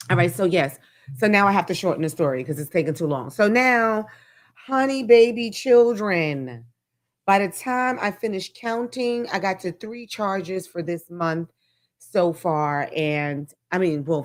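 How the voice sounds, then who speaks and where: Chatty woman host with a lowish voice. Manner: chatty, animated storytelling with swearing. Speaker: talk show host. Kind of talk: casual monologue.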